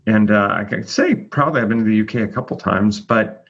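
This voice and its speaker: A man's voice: lowish voice, a little fast, fairly bright tone, husky. A man hosting a casual chat, chatty and full of fillers as he announces rankings. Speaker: host. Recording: dull lo-fi audio.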